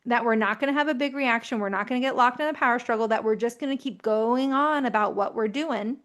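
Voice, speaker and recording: Calm woman giving parenting advice. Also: fairly high pitch, fast talker. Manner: calm, reassuring, gently explanatory. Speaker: parenting educator.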